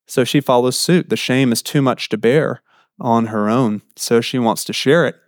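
A man preaching a sermon in a conversational way, his pitch jumping up for emphasis. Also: normal speed, no room sound, clean studio sound. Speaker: pastor.

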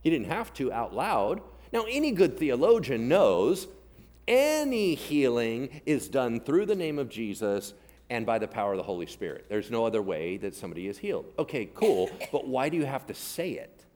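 Lively, animated male pastor preaching. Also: mid-range voice, moderate pace. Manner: animated storytelling, acting out biblical characters in casual modern voices; addresses the congregation directly, asking for agreement. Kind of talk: sermon.

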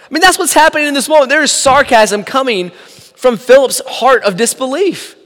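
A man preaching a sermon, animated, acting out the people in the story with sarcastic asides. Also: very high voice, normal speed. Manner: animated, acts out quoted dialogue, sarcastic asides. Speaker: pastor. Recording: long hall reverb.

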